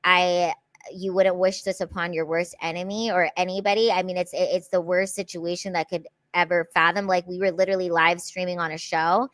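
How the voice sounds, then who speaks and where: A woman's voice: fairly low pitch, level tone, fairly quick, fairly bright tone, no room sound. A woman, a comedian friend on a podcast, speaking earnestly and supportively, often restarting her sentences. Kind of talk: casual podcast conversation.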